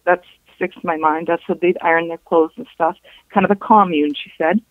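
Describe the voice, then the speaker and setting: A woman, a guest on a show, recounting a personal story in a halting way, with restarts and reported dialogue. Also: on the low side, steady tone, no room sound. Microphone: telephone. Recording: tinny phone line.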